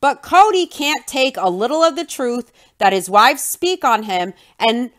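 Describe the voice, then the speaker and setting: A woman's voice: a little high, animated, measured pace, few pauses, fairly bright tone. A woman hosting a podcast and recapping a reality show in a scornful, mocking way. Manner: scornful, mocks in a whiny put-on voice. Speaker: podcast host.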